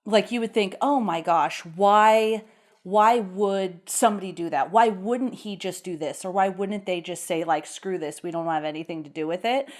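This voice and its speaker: A woman's voice: mid-range voice, moderate pace. A young adult woman, a podcast host, chatting casually about a horror film, swearing freely and breaking into laughter as she talks. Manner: animated, swears freely, laughs while talking. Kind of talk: casual movie chat.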